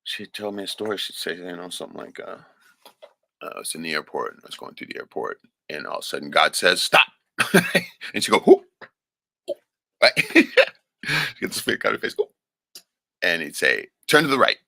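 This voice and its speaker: A man with a low, gravelly voice pours out an emotional, unscripted livestream monologue. His delivery is raw and profane, with a husky edge and lively swings in pitch. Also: brisk, no echo. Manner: profane and raw, with frequent "right?" tags. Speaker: livestream host.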